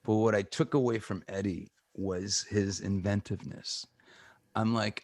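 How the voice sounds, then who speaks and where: A man with a somewhat low voice and a Canadian accent, talking casually as a guest on a chat show. He tells lively stories and acts out the lines of the people he quotes. The sound is dry and close, with hardly any room in it. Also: measured pace, vocal fry, no echo. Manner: animated storyteller who acts out quoted voices. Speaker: guest guitarist.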